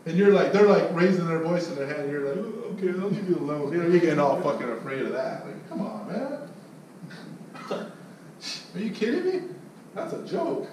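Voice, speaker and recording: A sales manager barks a blunt, swearing pep talk at his team in a fairly high voice. He sits well back from the mic in a very echoey space with a faint hiss behind him. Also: very animated, moderate pace, pauses often, recorded from a distance. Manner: loud, blunt, swearing, mocks others in put-on voices. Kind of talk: profane motivational pep talk.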